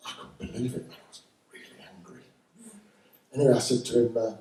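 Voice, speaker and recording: Dry Northern English stand-up comic. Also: male voice, medium pitch, sing-song, fast, mellow. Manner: dry, wry delivery. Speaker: stand-up comedian. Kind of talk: stand-up comedy set. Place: live comedy venue with audience. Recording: roomy live recording from a distance.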